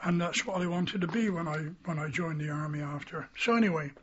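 An older man recalls his boyhood in the army in a rambling, storytelling way and acts out the people he quotes. His voice is husky and sits fairly high for a man. The recording sounds dull and lo-fi. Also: brisk. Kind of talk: oral history reminiscence.

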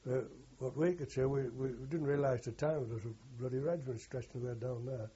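Earthy and digressive, an elderly war veteran recounts a lengthy oral history, correcting himself often. He talks a little fast at medium pitch in a dark, very husky voice, and the audio is dull and lo-fi.

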